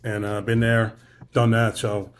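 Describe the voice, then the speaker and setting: A man's voice: on the low side, monotone, measured pace. Podcast host guy, short agreeing replies, faint hiss behind him. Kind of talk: casual interview talk.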